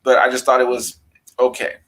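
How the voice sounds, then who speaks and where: A man chatting casually about horror films, rambling and animated, breaking into raised-voice impressions of quotes. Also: medium pitch, fairly quick, rough recording. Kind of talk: casual film discussion.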